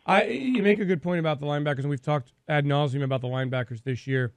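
A man's voice: fairly high pitch, fast talker, no room sound. A man hosting a call-in sports radio show, talking with energy and repeating words as he thinks aloud.

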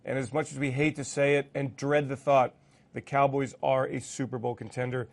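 A man hosting a sports talk show, brisk and wry, stretching words out for emphasis. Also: medium pitch, little pitch movement, vocal fry. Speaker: show host.

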